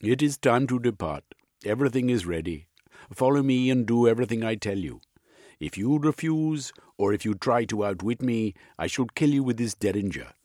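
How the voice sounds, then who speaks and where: A man's voice: mid-range voice, expressive, moderate pace, darkish tone, no echo, clean studio sound, pitched above the performer's own voice, natural voice. A man reading an audiobook, voicing a sly, cruel male villain who talks in a gloating, commanding way.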